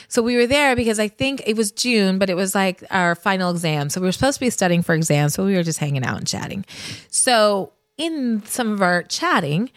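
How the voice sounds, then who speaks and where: A woman's voice: medium pitch, no echo. A woman in her fifties from the United States, a podcast host telling a personal story in a chatty, confiding way and talking straight to her listeners.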